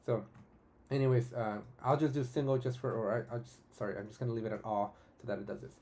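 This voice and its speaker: A man hosting a live-streamed software tutorial, talking casually and enthusiastically, often adding "right?" and restarting his sentences. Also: mid-range voice, fairly even intonation, fast talker. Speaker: tutorial host.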